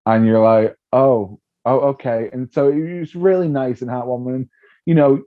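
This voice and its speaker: Animated man telling comic stories. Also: mid-range voice, normal speed. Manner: animated storyteller, acts out voices, laughs often. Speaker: comedian guest. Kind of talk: casual interview chat. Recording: dull lo-fi sound.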